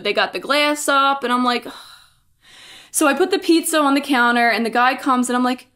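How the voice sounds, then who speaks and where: A podcast co-host with a high voice tells a story at a moderate pace in casual chat. She's an animated storyteller who acts out quotes in high voices.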